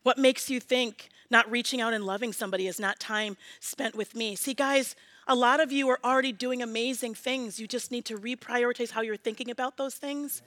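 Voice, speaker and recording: A woman in her forties preaching a sermon as pastor, earnest and personal, often dropping to a soft prayerful hush. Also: a little high, steady tone, a little fast, no echo. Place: church sanctuary.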